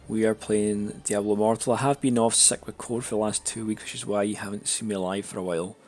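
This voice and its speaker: Man, slightly raspy congested voice, lowish pitch, rambling live-stream chat, frequent fillers. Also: fairly even intonation, fast, a little mellow. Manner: rambling, many fillers and restarts.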